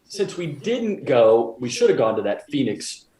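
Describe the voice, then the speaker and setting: Guy telling a story all animated, pitch bouncing around, echoey room. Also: unhurried, slight background noise. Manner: animated storyteller, defending himself. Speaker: podcast co-host. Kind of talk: casual chat. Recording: roomy echo.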